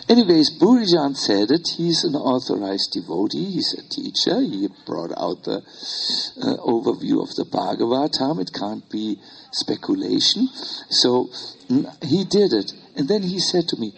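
Slow, gravelly older German man. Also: mid-range voice, very animated, rough recording. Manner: slow, hesitant with many fillers. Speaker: spiritual teacher. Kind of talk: informal talk to retreat group.

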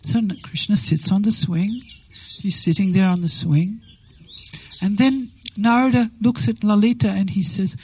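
A woman giving a devotional talk, telling a sacred story with lively acted-out quotes and slow, reverent phrasing. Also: medium pitch, breathy edge, dry recording, rough recording. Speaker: devotional speaker.

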